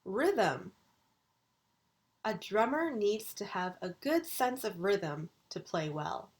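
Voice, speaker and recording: Very animated and speaking at a medium pitch, a woman who lectures in university English records a video lesson, pronouncing vocabulary words with slow, deliberate care.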